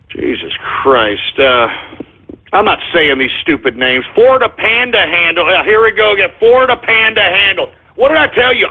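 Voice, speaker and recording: A gravelly, husky man hosting an internet radio show, pitched high and swooping all over the place. He rants in a comic, exasperated way, dropping to a mutter and then shouting. The sound is tinny and phone-like. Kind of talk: comedic ranting radio monologue.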